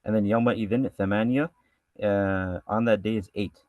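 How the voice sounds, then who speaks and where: A man with a somewhat low voice leads a scripture lesson at a brisk clip. He reads the Arabic lines and translates them in a loose, conversational way, stumbling and restarting as he goes. The sound is dry and close. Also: fairly even intonation, dry recording, narrow, tinny audio. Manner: reads Arabic verses, then translates and explains with many restarts; casual and conversational in his explanations. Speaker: religious studies teacher.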